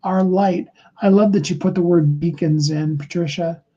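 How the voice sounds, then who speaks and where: Mellow, husky encouraging male speaker. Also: a little high, steady tone, normal speed, muffled recording. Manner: earnest, encouraging, acts out short sample dialogues. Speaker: motivational speaker. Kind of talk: motivational livestream talk.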